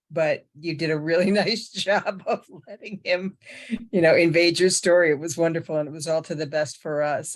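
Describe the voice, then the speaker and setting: An older woman, ill with pneumonia, giving a rambling, candid, self-deprecating personal share at a recovery meeting. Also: low-pitched. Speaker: meeting member sharing.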